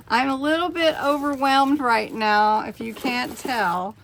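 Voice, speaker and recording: A woman in her fifties hosting a casual craft unboxing vlog, emotional and gushing, with halting pauses. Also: sits high, fairly even intonation, fairly bright tone, a little hiss or hum. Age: 50s. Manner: emotional, gushing, breathy exclamations. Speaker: craft channel host.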